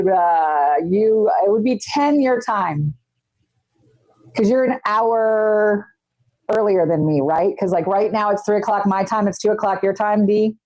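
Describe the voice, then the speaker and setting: Chatty woman with a dark, dry voice. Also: medium pitch, dry recording, poor audio. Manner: chatty, teasing, talks to chat while working. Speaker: nail artist streamer. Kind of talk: casual live-stream chat. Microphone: wireless mic.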